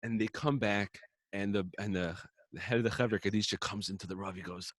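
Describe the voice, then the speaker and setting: A man casually telling a story on a podcast, acting out the characters' quotes in lively voices. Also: fairly low pitch, fairly quick, dry recording, clean studio sound. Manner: animated, acts out characters' quotes. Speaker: podcast co-host.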